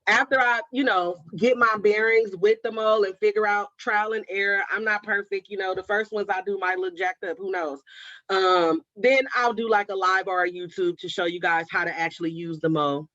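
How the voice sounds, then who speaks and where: A woman from Oakland, California, hosts a craft livestream, reading viewer comments and casually calling people "baby" and "girl." Her voice is medium in pitch, pushed and bright, with a steady tone and moderate pace. The livestream audio is dry and slightly dull.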